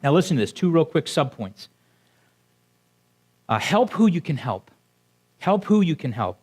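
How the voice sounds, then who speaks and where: A male pastor gives a sermon in a church sanctuary, speaking to the congregation in a relaxed, chatty way. His voice sits a little high for a man. He keeps pausing to put questions to the people listening. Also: husky. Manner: conversational, asks the congregation questions.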